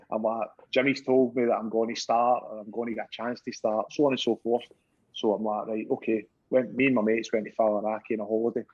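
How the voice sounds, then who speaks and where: This middle-aged Scottish man, a retired footballer, has a lowish voice with a breathy edge and talks a little fast. Laughing and swearing a lot, he shares animated stories in a relaxed chat, and the recording sounds muffled.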